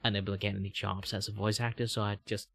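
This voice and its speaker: A man's voice: fast, gravelly. A man in his thirties from Malaysia, with a Malaysian English accent, chatting casually on a livestream and rambling with many fillers. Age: 30s. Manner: rambling, many "like" fillers, jumps to a much higher voice when excited. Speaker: VTuber streamer.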